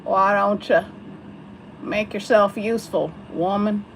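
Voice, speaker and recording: A woman putting on a loud, twangy hillbilly man who bosses people around for beer. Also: mid-range voice, steady tone, slow, gravelly, slight background noise, poor audio. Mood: bossy drawl.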